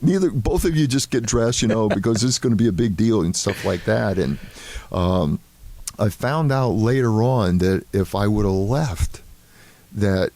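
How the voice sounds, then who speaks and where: Older guy, low voice, rambling ballplayer stories, dry close sound. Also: measured pace, no echo. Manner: relaxed anecdotal storytelling with many fillers. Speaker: former baseball player, guest. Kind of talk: casual storytelling interview.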